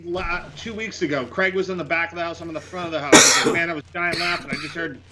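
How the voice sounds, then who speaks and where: A man's voice: fairly high pitch, fairly even intonation, quick pace, a loud crowd. A man telling stories in casual podcast chat, laughing and swearing often.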